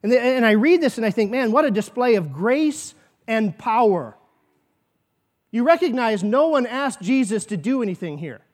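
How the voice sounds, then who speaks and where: A man with a high voice preaches a sermon to his congregation. He speaks earnestly, poses rhetorical questions and acts out quoted asides. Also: very animated, moderate pace. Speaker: pastor.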